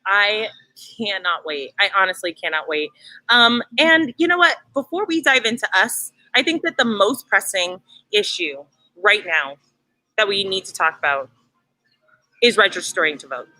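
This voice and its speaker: Young woman podcast cohost, bright voice, giggly and chatty, dry close mic. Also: mid-range voice, lively intonation, moderate pace, no room sound, low-quality recording. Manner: bubbly and laughing, addresses listeners as y'all. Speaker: podcast co-host. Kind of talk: casual podcast chat. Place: brewery.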